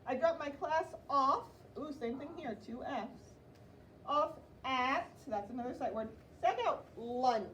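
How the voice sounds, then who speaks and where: A woman teaching a writing lesson to young children, sounding out words slowly in a classroom. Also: high-pitched. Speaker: elementary school teacher. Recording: roomy, distant classroom mic with background noise.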